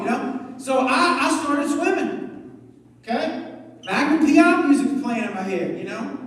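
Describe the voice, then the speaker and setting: A youth pastor preaches a sermon to students, telling animated stories full of jokes and asides. His very high-pitched voice runs a little slow, picked up by a distant mic in an echoey hall with slight background noise.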